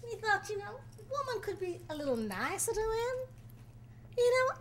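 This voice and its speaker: Storyteller, woman, very high and swooping voice, dramatic, chats with the audience. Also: sing-song, moderate pace, slight background noise. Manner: dramatic, playful, talks directly to the audience. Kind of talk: live folk storytelling performance. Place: college event before a live audience.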